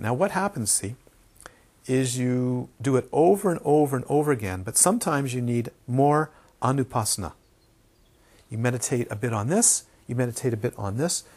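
With a mid-range, husky, somewhat mellow voice, a man leads a dharma talk on meditation. He stresses key words by repeating them and occasionally whispers when quoting.

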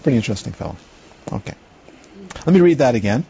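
A middle-aged man gives a Buddhist philosophy lecture, wandering off into asides and checking in with his listeners. His voice is mellow and a little husky. The recording is dull and lo-fi. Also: mid-range voice, lively intonation, quick pace. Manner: rambling, conversational, checks in with listeners. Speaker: Buddhist teacher. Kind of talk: lecture to a class.

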